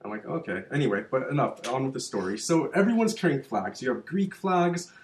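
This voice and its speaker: A man telling a story on a casual podcast, heated and animated, swearing as he goes. His voice sits in a middle range. The room around him is echoey. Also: mid-range voice, fairly quick, a little hiss or hum. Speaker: podcast co-host.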